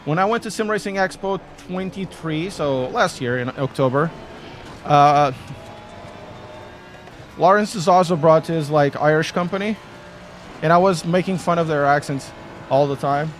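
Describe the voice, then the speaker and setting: Chatty man, fairly high voice. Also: measured pace, long pauses, faint music behind. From Portugal. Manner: rambling, self-deprecating and jokey. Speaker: sim racing streamer. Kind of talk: casual live-stream chat while sim racing.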